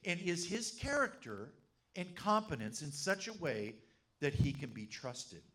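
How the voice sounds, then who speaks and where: A middle-aged man preaching a sermon as pastor, telling a funny story with lively energy. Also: fairly high pitch, a little slow. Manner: animated, humorous storyteller.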